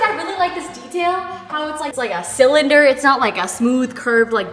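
A teenage woman, chatting excitedly and casually on a house-tour vlog, with lots of "like" as she walks around. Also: high voice, fairly quick, few pauses. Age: teens. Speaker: vlogger. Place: large empty house, indoors. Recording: echoey empty rooms, background noise.

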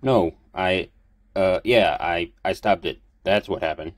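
Male narrator's wry young hero voice, deep, close and dry. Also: measured pace, dry recording. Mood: pained. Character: young man, wry, impulsive, quick to curse. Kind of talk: audiobook character voice.

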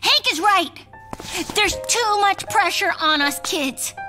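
A woman voicing an anxious, excitable young cartoon girl who talks in a fretful, whiny way. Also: very high-pitched, takes it slowly, over music, heavily acted.

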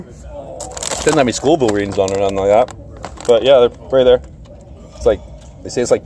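Low, mellow-voiced man rambling casually. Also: brisk, pauses often, a little hiss or hum. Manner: rambling, hesitant, lots of uh and repeats. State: sweating from spicy food. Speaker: food reviewer. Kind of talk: casual chat.

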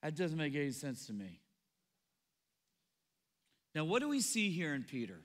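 A man preaching a sermon as pastor, animated, acting out the people in the story as he goes. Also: fairly high pitch, moderate pace, big-room sound. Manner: animated, acts out quoted voices. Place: church auditorium.

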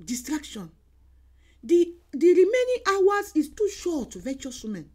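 High-pitched, animated woman evangelist; exhorting sermon delivery, repeats lines, shouts now and then. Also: a little slow. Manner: emphatic, repeats phrases, exhorting.

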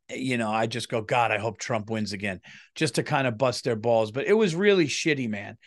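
Profane, rambling male comedian. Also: medium pitch. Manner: profane, rambling, restarts sentences. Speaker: comedian and podcast host. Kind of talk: casual storytelling monologue.

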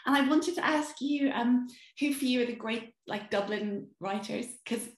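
Brief: woman interviewer, higher voice, admiring and chatty, echoey room. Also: normal speed, a little hiss or hum. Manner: warm, admiring, with many fillers. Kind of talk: literary interview. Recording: roomy echo.

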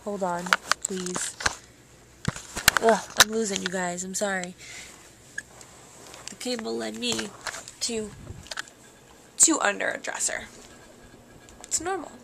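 A young woman narrates to her camera in a dry, sarcastic manner. Her pitch sits in the middle of the range. Clear background noise runs under the recording. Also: unhurried, long pauses. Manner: wry, sarcastic. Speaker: vlogger. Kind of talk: casual vlog chat.

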